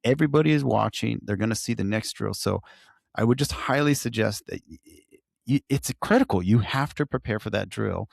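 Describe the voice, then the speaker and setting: A man's voice: fairly low pitch, brisk, creaky, no room sound, studio quality. A man co-hosting a podcast, telling stories in a casual chat and livening up when he quotes others. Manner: storytelling, animated when quoting others. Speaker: podcast co-host, firefighter.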